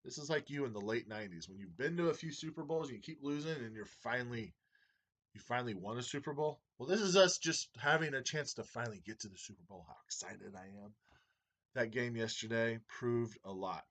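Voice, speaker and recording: Brief: male league commissioner, mid-range voice, chatty and excitable sports-fan banter. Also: medium pitch, brisk. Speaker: fantasy football league commissioner. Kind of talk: casual video update to league members.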